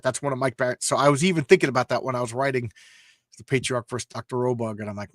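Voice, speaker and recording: A man's voice: medium pitch, fast, no echo, studio quality. A man hosting a casual comic book reading show, talking with enthusiasm, rambling and often stumbling over his words. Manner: enthusiastic, rambling, stammering restarts.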